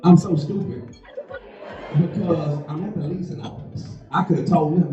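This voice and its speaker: An animated male comedian spins a story in loose, vernacular talk, chuckling as he goes. His voice sits somewhat high for a man. The recording is distant, echoey and muffled, with music playing behind. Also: moderate pace. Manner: animated, vernacular, laughing through lines. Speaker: stand-up comedian. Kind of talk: stand-up storytelling. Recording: roomy, distant, muffled live stage audio with music.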